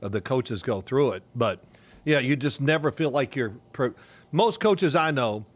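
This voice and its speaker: An older man co-hosting a casual sports podcast, an animated storyteller who acts out the voices of people he quotes. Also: mid-range voice, normal speed. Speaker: podcast co-host, former quarterback.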